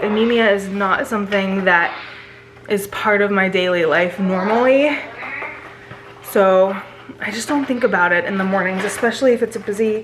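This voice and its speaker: A woman's voice: mid-range voice, background noise. A tired woman in her thirties chatting candidly to her viewers in a casual home vlog, rambling a little as she talks. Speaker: vlogger and mother. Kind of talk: casual chat to camera. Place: home, indoors on the stairs. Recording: roomy home recording.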